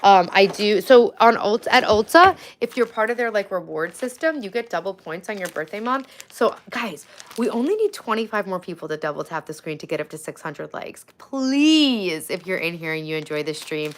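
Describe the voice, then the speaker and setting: A woman's voice: mid-range voice, expressive, moderate pace. A woman in her forties hosting a casual livestream from home, chatting and thanking viewers by name. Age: 40s. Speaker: livestream host.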